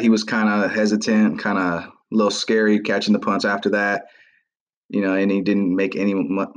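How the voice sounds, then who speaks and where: Deep-voiced guy doing a casual football recap, rambling with lots of uhs. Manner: rambling, many fillers and restarts. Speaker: podcast host. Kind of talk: casual sports recap monologue.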